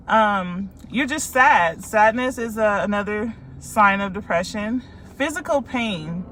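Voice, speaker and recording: A woman's voice: mid-range voice, expressive, slow pace, a bit bright, slight background noise. A woman life coach from California, talking casually and candidly to her followers about her own experience, with many ums and likes.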